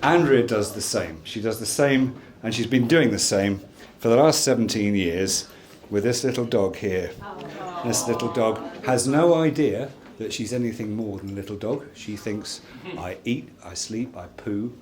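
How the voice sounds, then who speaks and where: A man in his sixties giving a jokey wedding speech as the groom, telling stories with lively timing. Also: on the low side, normal speed. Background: laughing wedding crowd.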